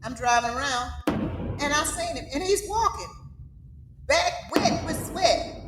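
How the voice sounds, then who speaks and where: Fiery Southern woman host, high and echoey. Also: very animated, normal speed. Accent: Southern American. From Southern United States. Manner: fiery, emphatic preaching with frequent "okay?". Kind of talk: casual monologue. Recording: echoey room with audible noise.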